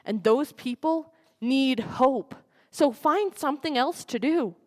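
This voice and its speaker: A woman's voice: sits high, animated, takes it slowly. Impassioned woman giving a dramatic speech. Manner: impassioned, swinging between forceful and hushed. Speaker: student speaker at a school program.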